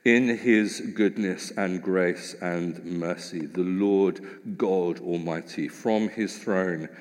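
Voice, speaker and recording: A man delivers a sermon in a lower voice, reading scripture and then explaining it with earnest, building emphasis. His words ring out with a long reverb, as in a church hall. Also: slow pace, a little mellow. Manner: earnest, reads scripture aloud then expounds with rising emphasis. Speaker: preacher.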